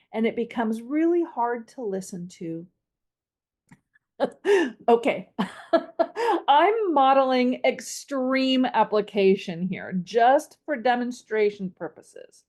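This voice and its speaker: Lively, slow-paced woman voice coach. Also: a little high. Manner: demonstrates vocal melody, playful with laughs. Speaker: voice coach and podcast host. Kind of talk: instructional podcast.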